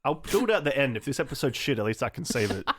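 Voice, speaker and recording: A man's voice: mid-range voice, very animated, quick pace, noisy background. A man co-hosting a podcast, teasing the others in laid-back banter and swearing freely. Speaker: podcast co-host. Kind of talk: casual chat.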